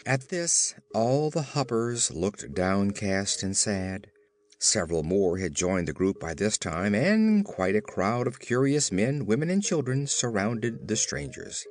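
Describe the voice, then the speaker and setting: Lively male audiobook narrator. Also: on the low side, unhurried, faint music behind. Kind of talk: scripted narration.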